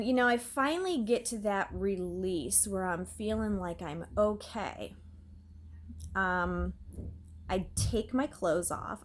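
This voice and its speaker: A mother in her thirties tells a story at home in a loose, rambling way. She fills her talk with fillers and restarts. She acts out her own reactions and what others said, with plenty of drama in her retelling. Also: medium pitch. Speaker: vlogger. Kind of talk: casual storytelling.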